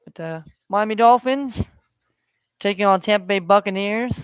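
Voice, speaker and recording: A man's voice: high-pitched, moderate pace, clean tone, no echo. A man hosting a solo sports betting podcast, talking in a rambling way with many fillers. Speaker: podcast host.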